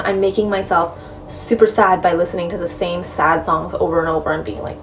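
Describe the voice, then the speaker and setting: A woman giving frank, direct breakup advice in a casual talk, filling her speech with "like" and "right?". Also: mid-range voice. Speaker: advice vlogger. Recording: slightly distant mic with faint room noise.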